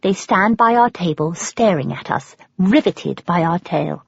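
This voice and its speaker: A woman with an English accent narrating an audiobook in first person, wry and lively. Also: on the low side, a little slow, vocal fry, slightly rough, no echo. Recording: dull, lo-fi, dry.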